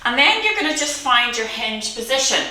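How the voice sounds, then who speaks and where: A fitness instructor leads a guided workout, counting reps out loud, encouraging her class and laughing often. Her voice sits on the high side and is very animated, bright and pushed, at a moderate pace. The room is very echoey and the mic is far away.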